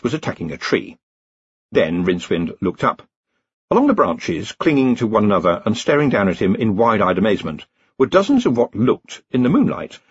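A low, husky male narrator with a lively, expressive reading. The recording is dry and a little muffled, with a dull, lo-fi tone. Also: dry recording. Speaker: audiobook narrator. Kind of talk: scripted narration.

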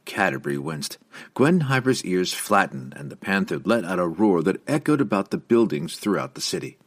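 A man with a low, slightly husky voice reads a fantasy novel aloud. His delivery is expressive, with a lively, rolling melody. It is a steady, scripted audiobook narration. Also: normal speed. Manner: expressive storytelling with lively inflection.

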